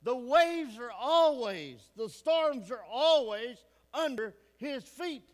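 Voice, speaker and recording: Man, pastor, folksy emphatic sermon, high voice, church hall reverb. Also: animated, takes it slowly. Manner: folksy, emphatic, asks the congregation questions. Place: church sanctuary.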